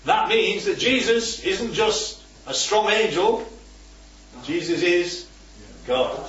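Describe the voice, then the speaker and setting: A man's voice: high-pitched, animated, slow pace, fairly bright tone, faint music behind. A man leading a small-group Bible study, asking the group questions and checking in with "right?" and "yeah?". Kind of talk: teaching a group discussion. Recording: roomy, distant, dull-sounding recording.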